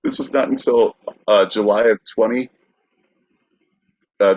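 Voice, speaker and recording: A male podcast host recounts a true crime story, stumbling through fillers as he checks his notes. His voice sits low, and the recording sounds dry and a little muffled. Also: a little mellow, no room sound. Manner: halting, filler-heavy.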